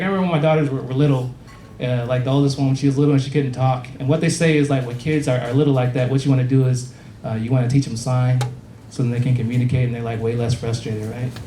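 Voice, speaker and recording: A man's voice: mid-range voice, distant mic, slight background noise. A man in his thirties doing a stand-up comedy set on a club stage, rambling and crude in a conversational way. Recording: echoey club, heard from afar, loud crowd.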